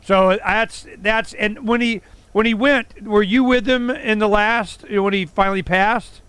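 A man's voice: high voice, fairly even intonation, a little slow, a bit bright, clean tone, dry recording. A man hosting an interview, responding sympathetically and asking leading questions. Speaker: podcast host. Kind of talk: interview conversation.

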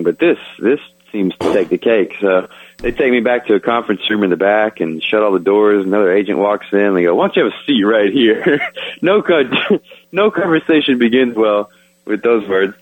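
A man's voice: on the low side, no echo, low-quality recording. A man guesting on a radio show, casually telling a story, chatty and self-mocking, laughing often.

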